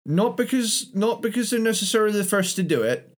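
A man's voice: sits high, lively intonation, a little fast. A man co-hosting a podcast in casual chat, laughing often and explaining his ideas at length. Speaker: podcast co-host.

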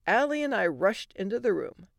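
A woman's voice: mid-range voice, sing-song, moderate pace, gravelly, dry recording. A woman hosting a storytelling podcast, narrating a comic story in a wry, dry manner.

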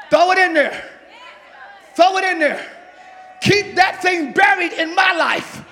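A male pastor preaching a sermon in a large church hall, shouting and calling on the congregation to respond. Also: extremely high pitch, measured pace, pauses often. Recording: live church hall with long reverb, crowd noise.

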